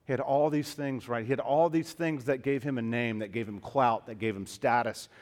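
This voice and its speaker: Impassioned male preacher, hushed to loud. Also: mid-range voice, normal speed. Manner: addresses listeners as beloved and dear friends. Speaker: pastor. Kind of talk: sermon.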